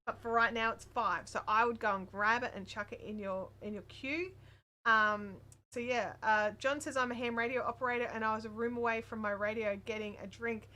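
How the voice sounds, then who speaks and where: A woman's voice: on the high side, steady tone, fairly quick, pushed and bright. A woman with an Australian accent, hosting a casual crafting livestream and chatting with viewers in a rambling way with lots of fillers. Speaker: crochet livestream host. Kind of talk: casual chat reading viewer comments.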